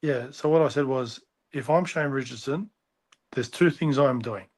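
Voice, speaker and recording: A man's voice: mid-range voice, normal speed, a little mellow. An Australian man, a rugby league coach, giving impassioned opinions on a podcast over a remote call, ranting and repeating himself.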